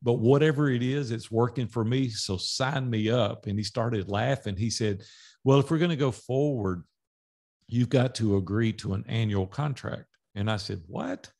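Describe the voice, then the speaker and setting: A middle-aged man with a gravelly, rough-edged voice tells stories as a podcast guest. He talks casually and acts out the back-and-forth of old conversations. His voice sits at an ordinary pitch for a man. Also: normal speed. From Nashville, Tennessee. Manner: animated storyteller acting out dialogue. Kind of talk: storytelling in a casual interview.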